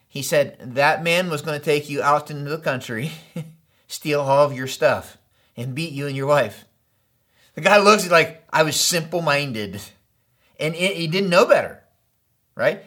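A man's voice: a little high, bright, forceful tone. A middle-aged man preaching a sermon in a conversational, storytelling way, often checking in with the listeners. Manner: conversational, storytelling with acted quotes and frequent "right?". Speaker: pastor.

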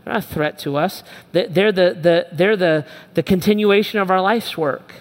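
A man's voice: high voice, moderate pace. Preaching man in a reverberant hall. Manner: emphatic, repetitive preaching with direct address. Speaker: pastor. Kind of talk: sermon.

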